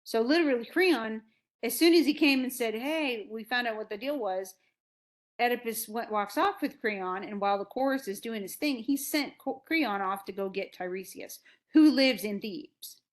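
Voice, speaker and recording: A woman lecturing on a classic play, casually retelling scenes and acting out the characters' lines in everyday words. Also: fairly high pitch. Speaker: literature instructor.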